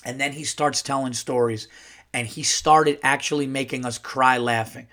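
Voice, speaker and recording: A man's voice: medium pitch, normal speed. A male comedian hosting a podcast and telling a long story casually, with lots of fillers and asides. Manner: animated, rambling, full of fillers.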